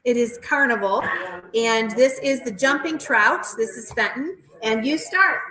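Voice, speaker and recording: A woman auctioneer calling bids at a live auction in a rapid, repetitive chant, with chatty asides about the pieces. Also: a little high, bright, forceful tone. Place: auction house hall. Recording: roomy echoey hall.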